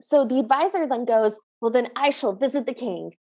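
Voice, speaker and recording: A woman co-hosting a podcast, retelling a movie's plot in lively casual chat and acting out the lines. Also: a little high, normal speed. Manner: animated, laughing, recaps scenes and acts out the lines. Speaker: podcast co-host.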